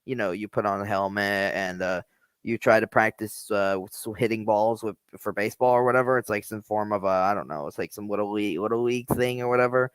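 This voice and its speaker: A man's voice: lowish voice, a little fast, smooth, no echo. A man hosting a reaction video, rambling casually and hesitantly about the clip.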